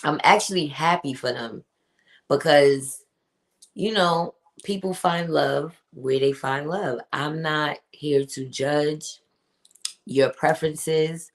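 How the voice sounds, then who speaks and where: A woman with an unusually deep voice hosts a casual livestream. She talks in a chatty, emphatic way and greets chat viewers by name as she goes. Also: slow pace. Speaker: podcast host reading live chat.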